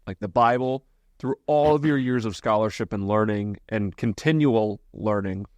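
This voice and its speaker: A man hosting a podcast asks a long, earnest question, stacking clause on clause and repeating words as he builds up to it. His voice sits fairly low. The recording is dry and close. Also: moderate pace, darkish tone, dry recording, highs cut off. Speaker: podcast host. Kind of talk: podcast interview.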